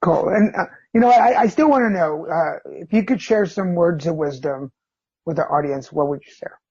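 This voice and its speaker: A man hosting a podcast interview in a relaxed, laid-back way, with many fillers and easy laughs. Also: fairly high pitch, moderate pace, slightly rough. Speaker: podcast host. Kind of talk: casual interview. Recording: dull lo-fi sound.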